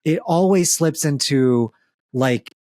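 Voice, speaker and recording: A man's voice: fairly high pitch, takes it slowly, darkish tone, no echo. A man from the American South co-hosting a casual comedy chat, joking and self-deprecating, laughing often. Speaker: podcast co-host.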